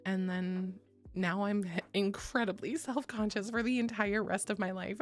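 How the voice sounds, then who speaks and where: Talking at a normal pace in a steady, mid-range voice, this young streamer keeps things casual with her audience. She curses freely, laughs often and reads messages from chat aloud over faint background music.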